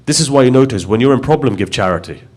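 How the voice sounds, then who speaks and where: A man's voice: medium pitch, expressive, fast, darkish tone. A man giving a religious sermon, telling stories and rising to impassioned emphasis. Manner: storytelling, building to impassioned emphasis. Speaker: preacher.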